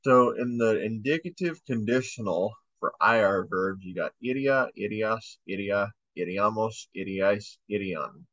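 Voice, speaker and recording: A man's voice: lowish voice, a bit bright, no echo. A man teaching a casual language lesson, drilling verb forms aloud and correcting himself as he goes. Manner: slow, drills conjugations aloud, corrects himself mid-sentence. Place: home room. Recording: dull lo-fi home recording.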